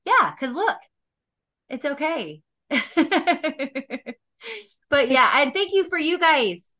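A woman with a bright, sharp-edged voice speaks as a guest on an interview podcast. She tells her personal stories with heartfelt, animated warmth, laughing often between thoughts. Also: high voice, very slow.

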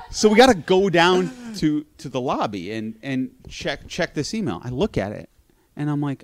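A man telling a long story in casual conversation, animated, swearing freely and laughing at his own account. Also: mid-range voice, moderate pace, a little hiss or hum.

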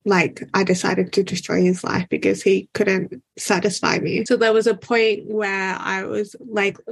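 A woman guest on an interview, retelling a personal ordeal in an animated, exasperated way. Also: mid-range voice, unhurried, gravelly, husky. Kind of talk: personal storytelling in conversation.

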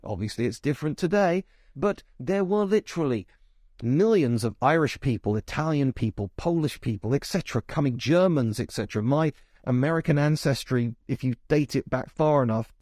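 A man's voice: on the high side, animated, moderate pace, a little mellow, no room sound, clean studio sound. A man from England giving a casual spoken film review, chatty and full of asides and restarts.

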